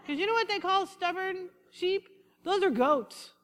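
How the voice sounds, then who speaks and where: Bright high-voiced woman preaching in a hall. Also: unhurried. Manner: lively preaching, acts out quotes and sheep sounds. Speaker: pastor. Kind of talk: sermon. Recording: echoey hall with long reverb.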